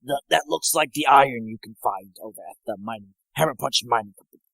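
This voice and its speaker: A man playing a gravelly, boastful dwarf merchant. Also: mid-range voice, fast, fairly bright tone, no room sound, poor audio. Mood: hearty. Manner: hearty salesman, plugging his company.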